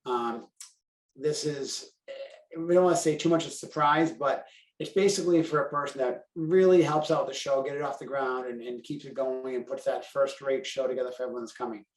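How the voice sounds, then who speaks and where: A man's voice: medium pitch, fairly even intonation, brisk, recorded from a distance. A man with a Boston accent talks through a podcast in a loose, rambling way, full of fillers and restarts. His voice sits a little away from the mic and bounces around a roomy space. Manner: chatty, self-deprecating, talks in run-on sentences with fillers. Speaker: carwash operator and convention co-chair. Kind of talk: casual podcast chat.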